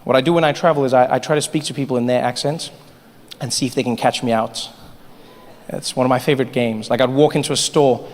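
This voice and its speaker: A man doing stand-up comedy, telling stories in an animated, playful way. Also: mid-range voice, fast. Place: large live venue with audience. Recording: live hall with long reverb, faint ambience.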